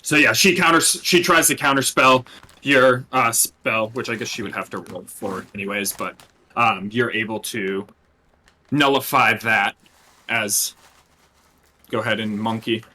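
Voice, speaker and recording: A man's voice: fairly low pitch, unhurried, pushed and bright. A man running a tabletop game as dungeon master, narrating loosely with many fillers and restarts.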